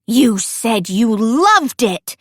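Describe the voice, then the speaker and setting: A woman's voice: mid-range voice, lively intonation, slow pace, fairly bright tone, no room sound, studio quality. A woman voicing a playful, chaotic young woman roommate in an audiobook, teasing and bubbly. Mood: indignant. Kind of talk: audiobook character voice.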